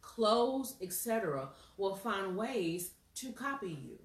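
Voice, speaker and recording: Animated woman chatting in a roomy echo. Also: slow pace. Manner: animated, laughs often, mimics people in high voices. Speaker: host. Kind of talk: casual chat and storytelling. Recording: roomy, a bit far from mic.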